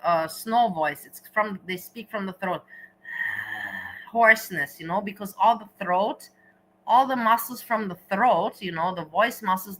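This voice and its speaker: A woman's voice: medium pitch, sharp tone, a little hiss or hum, rough recording. A woman hosting a casual livestream, talking straight to her viewers and slipping in German words. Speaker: livestream host.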